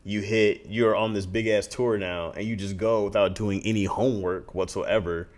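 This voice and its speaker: A man's voice: on the low side, fairly even intonation, moderate pace. Blunt man on a casual podcast. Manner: blunt, insistent, repeats points for emphasis. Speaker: podcast co-host. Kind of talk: casual chat.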